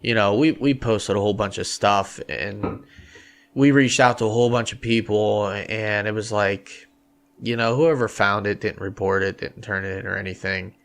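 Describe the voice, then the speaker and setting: Low, gravelly-voiced man chatting about hunting. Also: normal speed. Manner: animated, talks in rambling runs with fillers. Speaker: podcast co-host. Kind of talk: casual hunting chat. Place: small podcast studio.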